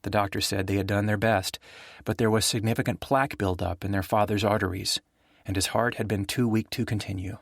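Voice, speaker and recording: A man with a fairly low voice narrates a thriller audiobook in a steady, even read. He is recorded close on a studio mic, completely dry with no room sound. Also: brisk, vocal fry, no room sound.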